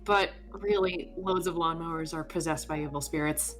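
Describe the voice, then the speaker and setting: A woman voicing a sardonic young female barista, reading game dialogue aloud in a dry, deadpan way. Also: deep voice, moderate pace, soft background music, pitched below the performer's own voice, natural voice.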